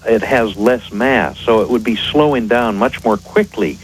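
A man appearing as an expert guest on a radio show, explaining in a measured, precise way. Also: mid-range voice, a little hiss or hum, poor audio.

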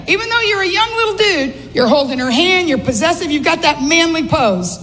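Eine Komikerin mit hoher Stimme neckt das Publikum, in einem hallenden Saal mit deutlichem Rauschen. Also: female voice, sits high, expressive, brisk, fairly bright tone. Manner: teasing crowd work. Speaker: stand-up comedian. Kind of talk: stand-up comedy, addressing the audience. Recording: reverberant live hall with noise.

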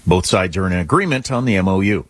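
A man co-hosting a talk radio show, dropping dry, deadpan remarks. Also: deep voice, quick pace, no echo. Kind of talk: casual talk radio banter. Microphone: studio mic.

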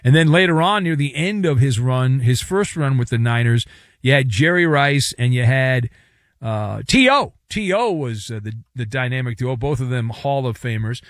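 A man's voice: moderate pace, no echo, studio quality. A man hosting a sports talk radio show, riffing with sarcastic, playful commentary and jokes. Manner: lively, sarcastic, animated swings in pitch.

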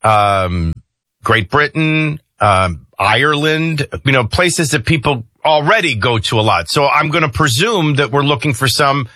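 A man's voice: mid-range voice, measured pace, dry recording. A man hosting a morning talk radio show, chatting and joking with a correspondent. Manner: lively, joking, conversational. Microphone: studio microphone.

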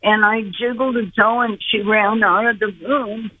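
An older woman guest telling a personal story slowly and earnestly over the phone. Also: fairly high pitch, fairly even intonation, slightly rough. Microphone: telephone. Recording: tinny phone line.

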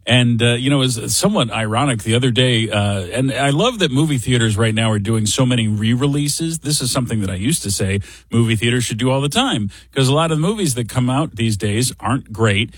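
A man's voice: medium pitch, expressive, a little fast, few pauses, slightly rough, no room sound. A middle-aged man hosting a show, telling a casual story in a chatty, wry, self-deprecating way. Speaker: radio show host.

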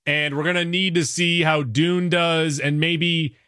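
Bright-voiced man giving emphatic opinions. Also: on the high side, fairly even intonation, measured pace, dry recording, studio quality. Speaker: radio podcast co-host. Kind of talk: casual movie review chat.

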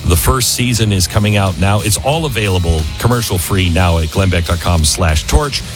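A man hosting a talk show, reading promos and an ad in a chatty, halting way with many fillers. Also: deep voice, music in the background. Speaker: radio host reading ads. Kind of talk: host-read promo and ad.

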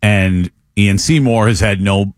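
A man's voice: lowish voice, unhurried, no room sound, clean studio sound. A man co-hosting a sports radio show, talking casually and animatedly, with many "like" fillers. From from an Italian family.

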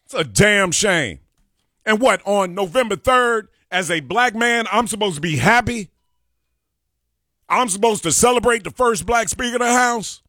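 A fired-up man with a Chicago accent rants into a studio mic on talk radio. His voice sits high and rings bright and sharp. The sound is close and dry, with no room around it. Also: expressive, moderate pace, no room sound. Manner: fiery, preachy, repeats phrases for emphasis. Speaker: radio talk show host. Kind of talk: impassioned political talk radio rant. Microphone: studio microphone.

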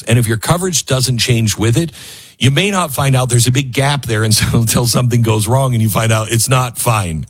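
A man hosting a talk radio show, rambling and animated as he jumps from aside to aside and reads ads in his own words. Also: medium pitch, breathy edge. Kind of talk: talk radio monologue with host-read ads.

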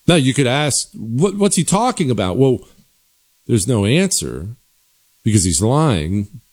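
Low-voiced forceful commentary host. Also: male voice. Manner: forceful, sarcastic, emphatic repetition. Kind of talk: opinionated political commentary.

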